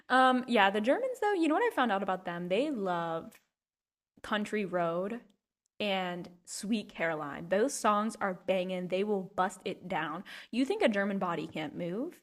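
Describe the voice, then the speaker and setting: A woman's voice: medium pitch, animated, a little slow. A young woman hosting a podcast, rambling through a goofy, self-mocking comedic monologue. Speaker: podcast host.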